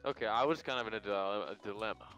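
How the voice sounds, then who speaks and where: A man's voice: on the low side, racing, fairly bright tone, soft background music. A man streaming a farming game and chatting casually with a friend, joking and a bit rambling, sounding tired. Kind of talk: casual gaming chat.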